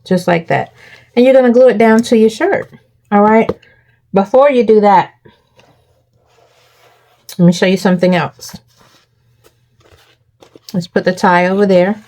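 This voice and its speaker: A woman's voice: medium pitch, unhurried, long pauses, a little mellow. A woman hosting a crafting tutorial, walking viewers through each step and checking in with them often.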